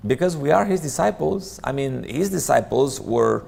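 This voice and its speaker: A man's voice: mid-range voice, lively intonation, normal speed, vocal fry, few pauses, a little mellow. A man leading a church Bible study, speaking in an earnest, conversational way with many restarts. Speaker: church teacher.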